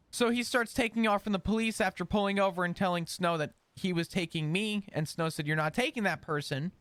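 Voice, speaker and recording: A man stays in character as he tells his story, rambling and animated. His voice sits high and swings widely in pitch. It is recorded dry and close, with no room sound. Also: no room sound. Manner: animated, rambling recount with restarts. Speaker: roleplay character in a GTA server. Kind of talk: in-character storytelling recounting events.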